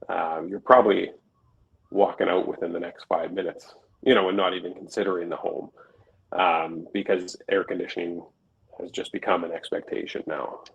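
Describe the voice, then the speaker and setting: A man's voice: deep voice, fairly even intonation, moderate pace, vocal fry, muffled recording. A man co-hosting a podcast as a realtor, explaining things conversationally with everyday examples. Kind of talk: casual chat.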